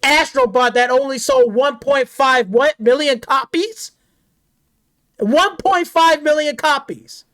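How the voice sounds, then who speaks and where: A woman with a somewhat high voice rants off the cuff about games. She swears constantly, repeats phrases and keeps asking rhetorical questions in a heated tone. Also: slow, fairly bright tone. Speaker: gaming channel host. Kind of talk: angry off-the-cuff rant.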